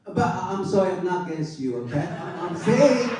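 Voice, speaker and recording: High-voiced man in broken English. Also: very animated, normal speed. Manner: broken English, emphatic, asks the crowd for agreement. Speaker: political candidate. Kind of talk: angry campaign speech at a club meeting. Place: club meeting room. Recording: echoey room, mic far off.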